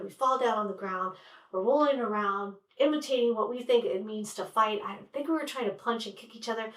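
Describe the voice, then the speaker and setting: Woman storyteller, wry and chatty, somewhat high, mic far off in an echoey room. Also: fairly bright tone. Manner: wry, conversational, with lots of "like". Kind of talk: personal storytelling. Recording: roomy sound from a distant mic.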